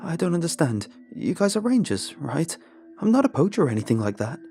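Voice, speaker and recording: A man's voice: a little high, very animated, brisk, vocal fry, warm tone, voice pushed up. A man voicing a nervous lost hiker who stammers and pleads in a raised voice. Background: background music.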